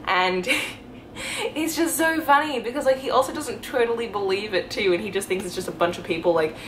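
A young woman talking casually in a reading vlog at home, excited and rambling, gushing with lots of fillers. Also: a little high, brisk, a little hiss or hum, poor audio. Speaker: book vlogger.

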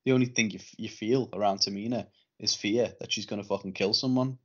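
Sweary low-voiced podcast co-host. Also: male voice, steady tone, quick pace, husky. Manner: swears a lot, exasperated. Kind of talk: casual wrestling chat. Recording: dull lo-fi podcast audio.

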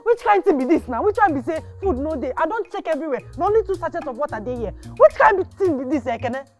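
An actress with a Nigerian Pidgin accent playing a hungry, quick-tempered young girlfriend who scolds her boyfriend. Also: sits high, animated, faint music behind. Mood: angry. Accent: Nigerian Pidgin English. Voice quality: loud, quarrelsome, scolding. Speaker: girlfriend of Ekene. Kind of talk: Nollywood film acting.

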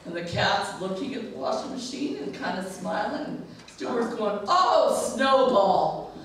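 A woman pastor preaching a sermon with humorous, animated storytelling, heard echoing from a distance in a church sanctuary. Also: mid-range voice, normal speed, a little hiss or hum.

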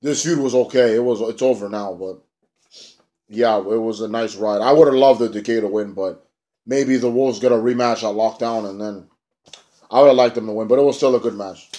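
A man giving a casual, rambling review of a wrestling show, excitable and profane. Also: lowish voice, a little fast.

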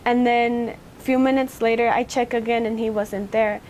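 A teenage girl speaks in a fairly high voice that stays level and even, with little rise or fall. She recounts a personal memory for an oral history interview in a halting way. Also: a little hiss or hum. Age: teens.

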